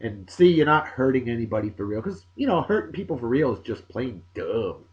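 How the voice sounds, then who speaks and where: Animated jokey man. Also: medium pitch, fairly quick, muffled recording. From Massachusetts, USA. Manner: jokey, animated, swinging between loud bursts and mumbled asides. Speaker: video blog host. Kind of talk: casual birthday shout-outs.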